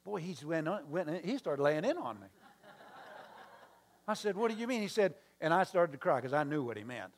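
A man's voice: fairly high pitch, big pitch swings, normal speed, pauses often. A male pastor preaching a sermon, telling a story with acted-out dialogue and asides to the congregation.

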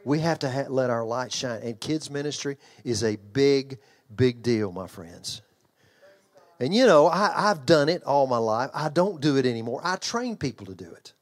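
A man's voice: medium pitch, animated, moderate pace. An older man preaching a sermon in an emphatic, conversational way, repeating phrases, restarting lines and asking the congregation questions. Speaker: pastor and children's ministry trainer.

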